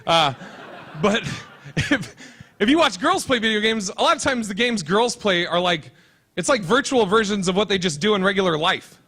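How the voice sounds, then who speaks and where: Man, stand-up comedian, crude punchy delivery, brash, bright sharp tone. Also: high voice, animated, normal speed, husky. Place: convention stage.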